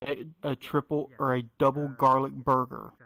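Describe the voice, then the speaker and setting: A man from North Georgia, telling biker stories in a casual, profane, animated way. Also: medium pitch, moderate pace, gravelly. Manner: profane, drawling, animated retelling. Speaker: storyteller. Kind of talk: casual storytelling.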